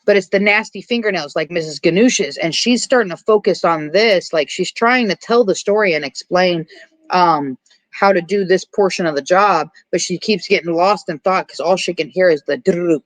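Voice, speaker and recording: A podcast host recapping a horror film in casual chat, animated and profane, with lots of filler words and acted-out bits of dialogue. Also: mid-range voice, no room sound. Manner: acts out characters' lines in quick asides.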